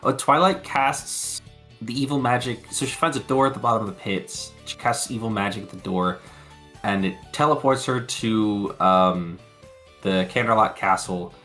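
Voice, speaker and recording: A man's voice: lowish voice, normal speed, a bit bright. Male podcast co-host, casual rambling recap talk, profane, faint background music. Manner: rambling, swears freely, laughs often. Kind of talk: casual chat recapping episodes.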